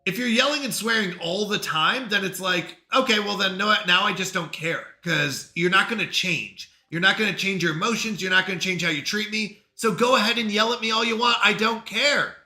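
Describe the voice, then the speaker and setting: Animated high-voiced man in echoey room. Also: fairly quick, hardly any pauses. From New York. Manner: animated, acts out quoted people. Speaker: streamer. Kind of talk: casual chat with live chat.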